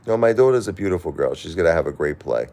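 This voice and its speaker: A middle-aged man on a live stream, talking through grief and reading viewer comments, halting and repeating himself, at times crying. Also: sits low, animated, darkish tone. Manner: halting, repeats words, grief-stricken and pleading. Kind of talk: emotional live-stream talk.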